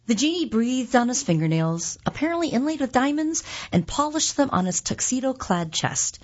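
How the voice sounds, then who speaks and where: A woman reading a first-person short story aloud with expressive narration. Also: sits high, moderate pace, muffled recording. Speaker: volunteer reader.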